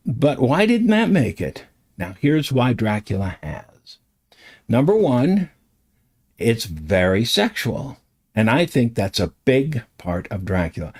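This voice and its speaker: Slow, rambling older man hosting a stream. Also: mid-range voice, darkish tone, slightly rough. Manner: rambling, chatty, trailing asides. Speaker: host. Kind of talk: casual live-stream talk.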